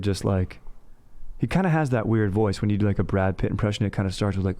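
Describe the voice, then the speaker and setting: A man's voice: fairly low pitch, quick pace, dark tone, dry recording. A young man hosting a casual movie review chat, slangy and bro-ish, calling everyone dude. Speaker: host.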